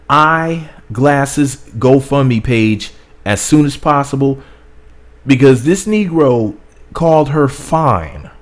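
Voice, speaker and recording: A man's voice: mid-range voice, a little mellow. A man giving chatty, sassy commentary on a reality show, talking straight to his viewers. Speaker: reality TV reviewer. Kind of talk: casual commentary vlog.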